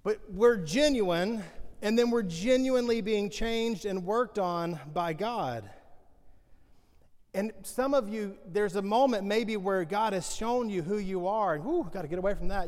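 A male pastor preaching in a loose, joking, conversational way, with animated storytelling and a fairly high voice. His sermon rings out with a long reverb from the church hall. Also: moderate pace.

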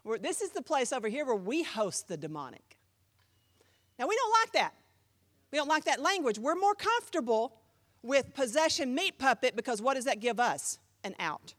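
Woman pastor, high voice swinging all over the place, punchy conversational preaching. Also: very animated, brisk. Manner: emphatic, conversational preaching with sudden jumps in volume. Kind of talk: sermon teaching.

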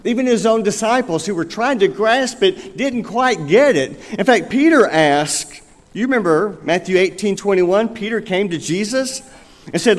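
A man's voice: high-pitched, expressive, normal speed. A man preaching a sermon as pastor in a church, earnest and asking his listeners rhetorical questions. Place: church sanctuary. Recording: long reverb of a large hall.

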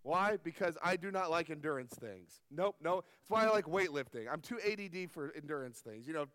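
A man preaches to a gathered audience, pitched high for his sex, telling stories from his own life with earnest conviction. He turns often to the crowd with questions. The close, dry voice is followed by a long reverb tail from a large meeting hall. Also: expressive, a little fast, fairly bright tone. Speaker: pastor. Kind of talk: sermon.

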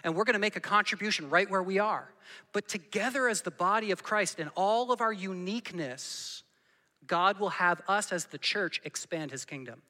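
A man's voice: sits high, moderate pace, sharp tone, long reverb tail. A man preaching a sermon to his congregation, earnest and full of questions put to the room. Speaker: pastor. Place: church hall.

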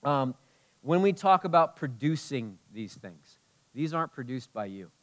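Guy preaching a sermon, goes loud then real soft and tender, medium pitch. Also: sing-song, measured pace. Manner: impassioned, swinging from loud emphasis to hushed tenderness. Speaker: pastor.

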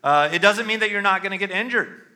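A man's voice: high voice, quick pace, bright, forceful tone. A middle-aged male pastor giving a sermon in a loose, conversational way, often checking in with "all right?".

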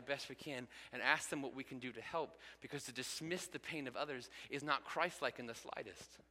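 A bright-voiced male pastor in his thirties delivers an earnest sermon in a large church sanctuary. His clear, forceful tone rises to emphatic peaks, and a long reverb trails each phrase around the hall. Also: medium pitch, fast, few pauses.

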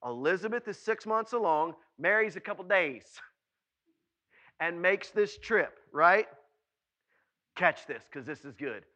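A man preaching a sermon, animated, often calling out questions to his listeners and acting out the voices of people in his story. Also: high-pitched, a little slow, long pauses.

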